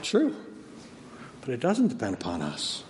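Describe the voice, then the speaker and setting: A man giving a sermon as pastor, preaching dynamically and swinging from soft, slow words to loud emphasis. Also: mid-range voice, crowd noise. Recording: long hall reverb, faint ambience.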